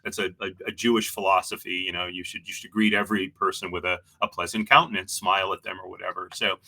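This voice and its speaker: A man's voice: deep voice, flat delivery, fast talker, bright, forceful tone. A man hosting an interview show, talking in a rambling, hesitant way and restarting often. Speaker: show host. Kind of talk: casual interview chat.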